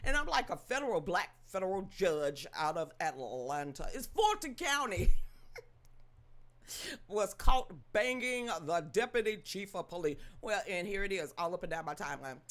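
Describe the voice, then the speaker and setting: A woman with a Southern US accent hosting a casual livestream chat, greeting viewers by name, gossiping and teasing as she breaks into loud laughter. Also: mid-range voice, very animated, moderate pace. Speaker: livestream host.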